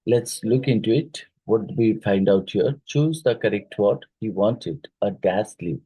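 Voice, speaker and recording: A man with an Odia-influenced Indian English accent teaching a phonetics exam-prep lesson, explaining slowly, spelling words letter by letter and using many fillers. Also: on the low side, warm tone, slightly rough, no room sound, low-quality recording.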